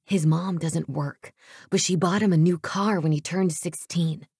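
A woman voicing an anxious, earnest young man who speaks in hushed, urgent tones, in a storybook reading. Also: lowish voice, steady tone, unhurried, breathy edge, dry recording, studio quality. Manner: hushed, urgent, fearful whispering.

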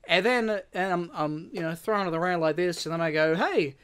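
Bright-voiced Australian man telling a rambling story. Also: a little high, quick pace, smooth. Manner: rambling, repeats words, swears casually. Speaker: podcast co-host. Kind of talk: casual chat, telling a story.

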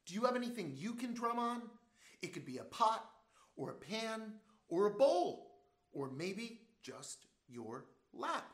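A man's voice: high voice, very animated, measured pace. A man teaching a music class for small children, playful and leading call-and-response. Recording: roomy sound with loud music. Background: drumming and music.

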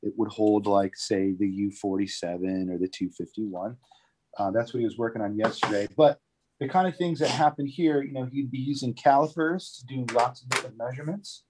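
A man of ordinary middle pitch walks viewers through a microphone factory indoors. He explains the engineering in a casual, conversational way, often pausing with "um" and checking in with "right?". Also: background noise. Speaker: factory tour guide. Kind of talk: live virtual factory tour explanation.

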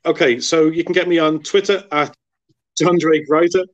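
A man's voice: a little high, fairly even intonation, moderate pace. A man, a guest author, chatting casually in an interview, rambling and leaning on filler phrases, heard over a phone on a video call. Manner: rambling, leans on "you know". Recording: dull lo-fi phone audio.

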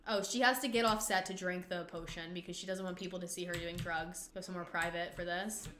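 A woman hosting a gaming channel, giving excitable, dramatic play-by-play commentary with frequent swearing. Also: on the low side, a little fast, hardly any pauses, reverberant. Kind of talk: casual gameplay commentary.

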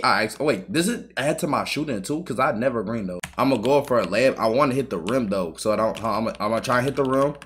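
Young-sounding gamer guy for a gameplay channel: lively, swinging pitch, trash-talks and swears nonstop, with faint keyboard clicking behind him. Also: fairly quick, slight background noise. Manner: trash-talking, excitable, swears a lot. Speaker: gaming YouTuber. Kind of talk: live gameplay commentary.

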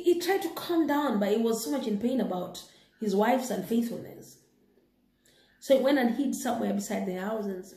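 A woman retelling a moral story and preaching, animated and excitable. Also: medium pitch. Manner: animated, excitable, laughing asides. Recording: echoey room.

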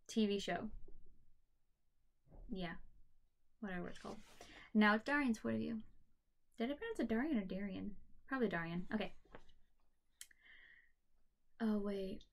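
Rambling, apologetic woman reading aloud. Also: mid-range voice. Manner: rambling, apologetic, self-deprecating. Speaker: channel host reading a novel aloud. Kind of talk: casual chat and book reading. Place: her bedroom at home. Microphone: computer camera mic.

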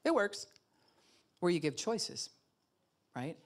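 A woman pastor preaching with a low voice that swings widely and expressively. She keeps her sermon lively, acting out the voices of the people she talks about and laughing often. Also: slow pace. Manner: animated, acts out quoted voices, laughs often.

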